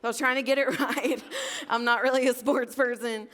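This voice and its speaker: A woman preaches a relaxed, conversational sermon to her congregation. She is chatty and self-deprecating and tosses questions out to the room as she goes. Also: a little high, moderate pace. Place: church service.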